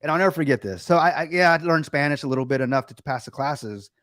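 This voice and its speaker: A middle-aged man, a guest, telling a rambling story in a lively, animated way. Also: a little high, fast, dry recording, clean studio sound. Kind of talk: casual storytelling chat.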